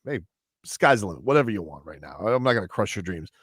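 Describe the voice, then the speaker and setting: A man's voice: lowish voice, quick pace, husky, no room sound. Male sports radio host, joking banter, tight dry booth sound. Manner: joking, animated storytelling. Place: radio studio.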